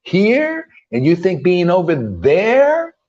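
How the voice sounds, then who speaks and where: Male spiritual teacher, fairly high voice, preaches off the cuff with a combative edge and slangy rhetorical jabs; muffled lo-fi recording. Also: huge pitch swings, slow, darkish tone. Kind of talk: informal preaching. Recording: dull lo-fi recording.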